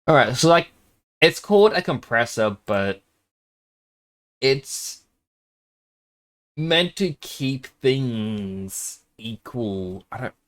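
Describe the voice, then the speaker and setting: A man's voice: mid-range voice, a bit bright. A man streaming a game, chatting casually, rambling and self-conscious, sometimes dropping to a whisper while testing his microphone.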